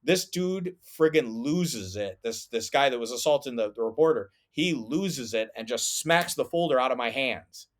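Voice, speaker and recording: A man's voice: mid-range voice, animated, moderate pace, hardly any pauses. A man and former soldier telling a story on a podcast in a casual, rambling way, with lots of fillers and restarts.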